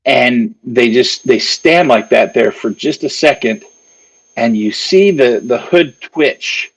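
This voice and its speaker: A man's voice: mid-range voice, expressive, slow, breathy edge, low-quality recording. A man narrating a tabletop game as game master, meandering with lots of fillers.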